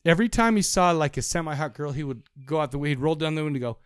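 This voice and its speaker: A man's voice: on the high side, lively intonation, rapid-fire, clear, resonant tone, dry recording, studio quality. A man co-hosting a podcast, chatting casually about a movie in a rambling, profane way and laughing often. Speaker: podcast co-host. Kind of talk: casual chat.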